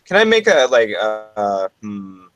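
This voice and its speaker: A man's voice: on the low side, big pitch swings, slow, fairly bright tone, rough recording. A man playing a tabletop game, thinking aloud and asking questions about his character's skills. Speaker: player.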